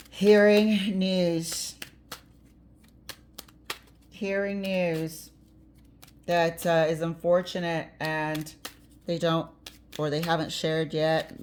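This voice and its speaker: A woman's voice: sits low, darkish tone, a little hiss or hum. A woman giving a casual tarot reading, chatty and blunt, with the odd swear word and easy laughter. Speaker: tarot reader.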